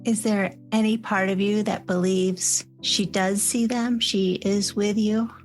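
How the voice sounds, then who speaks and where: A woman interviewing a guest, asking gentle, curious questions. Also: medium pitch, steady tone, a little slow, soft background music.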